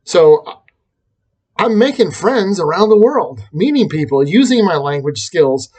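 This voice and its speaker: A man's voice: high voice, very animated, measured pace, a little mellow, breathy edge. A man talking through a reflective personal vlog, rambling and self-deprecating, with frequent restarts. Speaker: vlogger and teacher.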